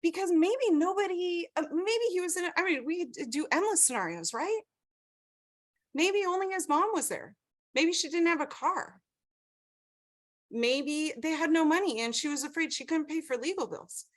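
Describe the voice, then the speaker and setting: A woman's voice: very high-pitched, expressive, moderate pace. A woman teaching a class over a video call, telling a story with animation and checking in with the group. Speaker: class instructor.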